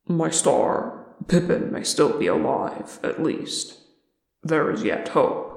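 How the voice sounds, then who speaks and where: Weary dwarf king in a reader's voice, quiet, solemn, gravelly. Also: medium pitch, expressive, takes it slowly, reverberant.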